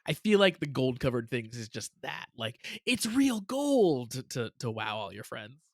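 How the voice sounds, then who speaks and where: A man co-hosting a casual reaction podcast, chatty and quick to laugh as he recaps episodes. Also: mid-range voice, vocal fry, no room sound, clean studio sound. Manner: chatty, laughs often, animated retelling. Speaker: podcast co-host.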